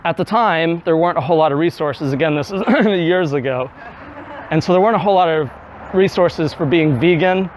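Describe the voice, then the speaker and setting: A man's voice: fairly high pitch, fairly quick, a little hiss or hum. Chatty man telling a personal story. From Tennessee. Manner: conversational storyteller, acts out his own past thoughts. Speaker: speaker giving a club talk. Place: indoor meeting room.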